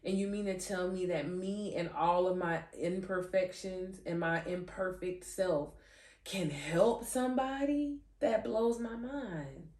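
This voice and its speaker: Woman podcast host, low-ish voice, slow and giggly, set back from the mic in an echoey room. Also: distant mic. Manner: animated, giggly, trips over words; restarts and repeats phrases. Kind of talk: faith podcast talk. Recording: roomy echo, voice off-mic.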